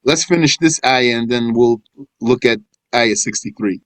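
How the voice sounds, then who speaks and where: A man teaching a scripture lesson. He recites verses in Arabic, then explains them in English in a measured way. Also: mid-range voice, fairly bright tone, dry recording, low-quality recording. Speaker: religious teacher.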